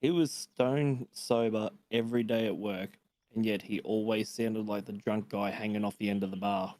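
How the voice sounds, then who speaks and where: A man's voice: on the low side, steady tone, moderate pace, darkish tone, dry recording. A man chatting on a gaming stream's voice call, telling a wry little story. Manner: wry, anecdotal. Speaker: fellow player on voice chat. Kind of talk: casual game chat.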